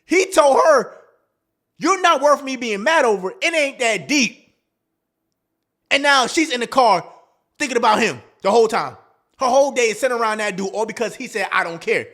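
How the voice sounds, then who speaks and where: A man's voice: very high voice, lively intonation, moderate pace, pauses often, fairly bright tone. A man hosting a dating advice talk, in a casual, slangy monologue that acts out quoted lines.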